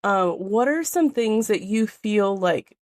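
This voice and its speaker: A woman's voice: mid-range voice, animated, takes it slowly, a little mellow, dry recording, clean studio sound. Eager woman podcast host. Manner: enthusiastic, hesitant fillers. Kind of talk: casual interview.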